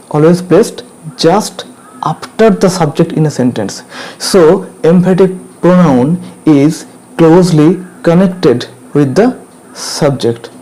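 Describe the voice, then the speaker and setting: A man with an Indian English accent explains grammar at a very slow, deliberate pace, going over each point several times. His voice sits a little high but sounds mellow and dark. He keeps checking in with his students. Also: poor audio. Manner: repetitive, drills points, checks with "clear?".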